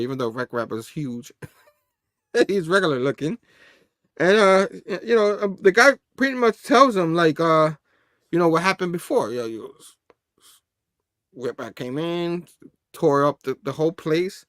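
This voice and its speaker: A man's voice: a little high, animated, moderate pace, a bit bright, no room sound, studio quality. A man hosting a casual comic book review show who laughs a lot and talks loosely, slipping into voices. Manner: laughs often, loose, acts out dialogue.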